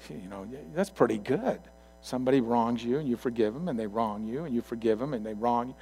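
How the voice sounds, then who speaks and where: A male pastor giving a sermon in a conversational storytelling way, swinging from loud to quiet asides. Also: mid-range voice, fast talker, breathy edge.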